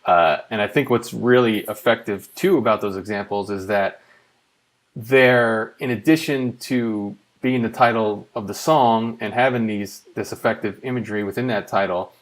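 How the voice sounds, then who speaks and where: A man hosting a casual songwriting talk, explaining points in a measured way. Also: on the low side, fairly even intonation, poor audio. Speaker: host. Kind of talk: casual conversational advice.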